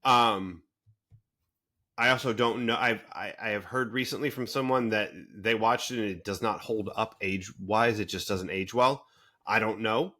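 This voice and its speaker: A man co-hosting a podcast, talking in a casual, animated way with many fillers. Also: lowish voice. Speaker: podcast co-host. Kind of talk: casual chat.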